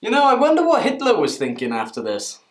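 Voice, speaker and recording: A man's voice: sits high, huge pitch swings, quick pace, echoey room, very noisy. Sarcastic, crude vlogger man. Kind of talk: comedic commentary narration.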